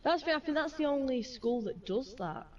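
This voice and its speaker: Mum chatting, heard from afar. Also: female voice, high voice, lively intonation, normal speed, distant mic, muffled recording. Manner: chatty, swears freely, acts out quoted exchanges. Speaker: mother. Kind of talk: casual chat.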